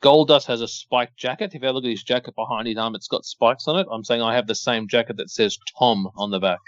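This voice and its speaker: A man's voice: medium pitch, a little fast, dry recording, highs cut off. A man co-hosting a wrestling podcast in casual chat, wry and questioning, laughing often. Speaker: podcast co-host.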